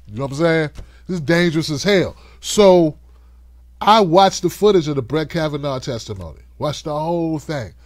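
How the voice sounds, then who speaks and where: Guy ranting on his political stream, kinda high voice, swears a lot, dry close sound. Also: moderate pace, no room sound. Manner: animated, conversational, cussing freely. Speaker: host. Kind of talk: livestream political commentary.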